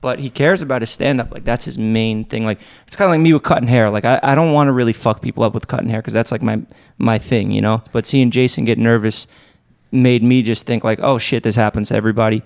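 Smooth-voiced laid-back young man. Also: mid-range voice, fast. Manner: laid-back, swears freely, storytelling. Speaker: podcast co-host. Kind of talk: casual chat.

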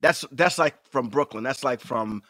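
A man co-hosting a podcast in casual chat, talking in an animated, emphatic way and swearing freely. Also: mid-range voice, moderate pace, dry recording, clean studio sound. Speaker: podcast co-host.

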